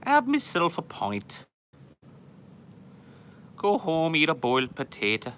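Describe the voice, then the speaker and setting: A man's voice: a little high, huge pitch swings, a little hiss or hum, pitched above the performer's own voice, heavily acted. A man putting on a hearty mock Irish brogue. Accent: mock Irish-Scottish brogue with rolled R's. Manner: loud, drawn-out, jokey proclamations.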